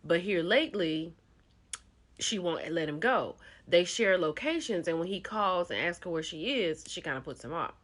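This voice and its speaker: A woman host recapping a reality show in a chatty, animated storytelling way, speaking. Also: fairly low pitch, moderate pace.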